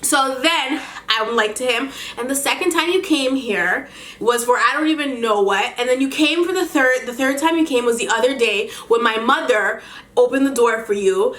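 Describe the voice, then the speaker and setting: A woman vlogger telling a story in an animated, indignant way, often breaking into laughter. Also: on the high side, normal speed. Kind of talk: storytime vlog. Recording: echoey room.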